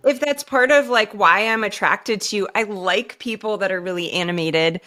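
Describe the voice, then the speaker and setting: Woman host, conversational, thinks aloud with asides, pitch in the middle for a woman. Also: normal speed, bright, forceful tone. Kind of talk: interview conversation.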